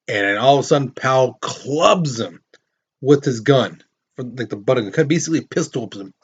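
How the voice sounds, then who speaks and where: A man's voice: mid-range voice, big pitch swings, normal speed, breathy edge. A man teaching a history lesson in a casual, storytelling way, acting out quotes and putting questions to his students. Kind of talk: casual classroom lecture.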